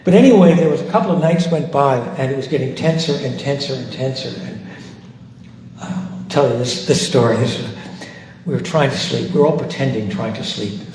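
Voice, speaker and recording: An older man, a former civil rights volunteer, telling his story at a post-screening discussion, reflective and halting, with many restarts. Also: medium pitch, darkish tone. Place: large hall. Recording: echoey hall, faint noise.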